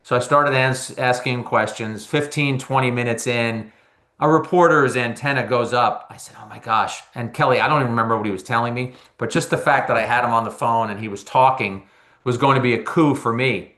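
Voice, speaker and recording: A man from New Jersey, a baseball analyst and former reporter, telling stories in an interview with animated delivery and frequent repeated words. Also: mid-range voice, brisk. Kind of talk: conversational storytelling in an interview.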